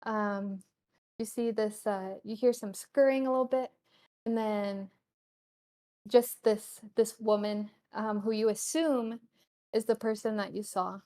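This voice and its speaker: A woman narrating a tabletop game as game master, describing scenes in a halting way with many pauses. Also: medium pitch, steady tone, dark tone.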